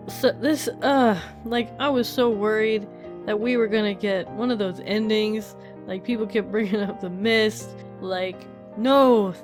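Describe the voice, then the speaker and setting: A woman giving a casual, emotional spoken review of a manga chapter, laughing often and gushing, with many fillers. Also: medium pitch. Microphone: desk mic while reading.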